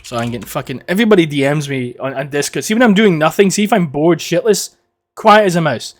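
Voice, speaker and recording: A man's voice: a little high, animated, quick pace. Profane man ranting casually. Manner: rambling, profane, joking ranting. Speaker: podcast host. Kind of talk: casual solo podcast monologue.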